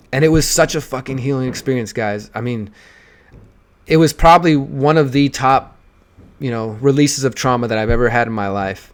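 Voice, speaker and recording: A man's voice: mid-range voice, normal speed. A man in his thirties, a podcast host, candidly telling a personal story in an emotional, profane monologue.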